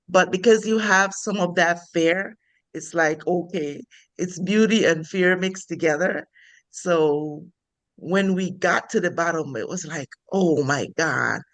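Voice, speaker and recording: A woman's voice: deep voice, no room sound. Jamaican woman guest, dry close sound. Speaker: podcast guest. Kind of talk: casual storytelling.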